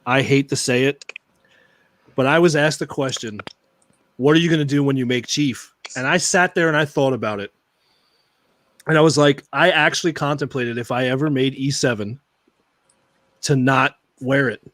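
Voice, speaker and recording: A man hosting a casual podcast, animated and swearing freely. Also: mid-range voice, moderate pace, long pauses, no room sound. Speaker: podcast host.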